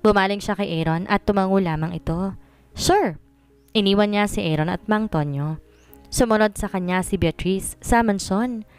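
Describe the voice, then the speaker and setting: A woman's voice: mid-range voice, brisk, clear, resonant tone, soft background music. A woman narrating a story in scripted narration, switching between Tagalog and English.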